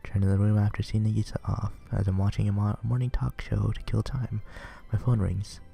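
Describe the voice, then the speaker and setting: A man reads a visual novel aloud, earnest and plain, stumbling now and then. His voice is very low, dark and creaky. Faint music plays underneath. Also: flat delivery, a little fast. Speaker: reader playing a visual novel.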